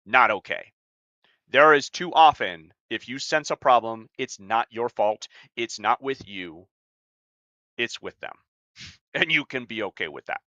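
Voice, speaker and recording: A man talks on a podcast in a blunt, emphatic way and swears freely. His voice is forceful and bright. The sound is dry and a little dull. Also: medium pitch, expressive, unhurried, no room sound. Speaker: podcast co-host and life coach. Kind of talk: casual podcast talk.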